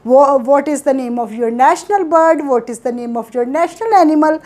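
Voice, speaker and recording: A woman's voice: sits high, fairly quick, a little mellow. A woman teaching a spoken lesson, drilling simple questions over and over. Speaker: English teacher.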